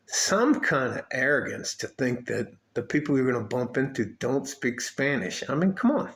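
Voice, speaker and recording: A man's voice: medium pitch, fairly bright tone. A man from El Paso, talking in a casual, rambling vlog monologue with frequent swearing, restarts and chuckles. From West Texas, El Paso. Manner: profane, laid-back, trailing restarts and chuckles. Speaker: vlogger.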